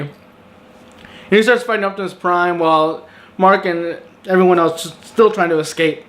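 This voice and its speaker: A man's voice: sits high, a little slow, fairly bright tone. A man casually recapping a movie in a rambling, sarcastic way, full of fillers and exasperated asides. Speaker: movie reviewer. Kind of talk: casual spoken review.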